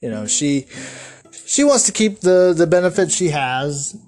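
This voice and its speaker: A man's voice: a little high, lively intonation, a little slow, a little mellow, faint music behind. A man delivering a solo podcast monologue, ranting in a rambling, profane way with lots of restarts. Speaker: podcast host.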